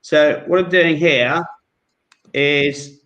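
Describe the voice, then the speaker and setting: A man's voice: fairly high pitch, fairly even intonation, very slow, fairly bright tone, echoey room, highs cut off. A man with a London accent performing a card trick over a video call, polite and friendly, narrating each move. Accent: London English. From England. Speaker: guest amateur magician.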